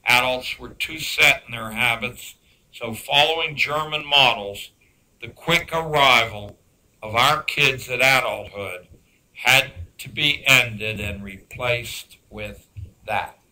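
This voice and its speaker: A man giving a public lecture on education, emphatic and dryly sarcastic, slowing down to stress key words. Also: mid-range voice, bright, forceful tone, rough recording. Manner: dry sarcastic asides.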